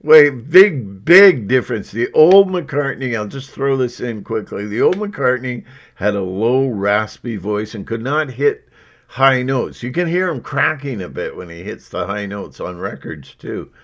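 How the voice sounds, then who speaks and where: A man's voice: medium pitch, expressive, unhurried. A man talking casually to his viewers in a meandering way, full of asides. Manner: meandering, with lots of verbal asides. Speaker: vlogger. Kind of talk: casual rambling talk to viewers.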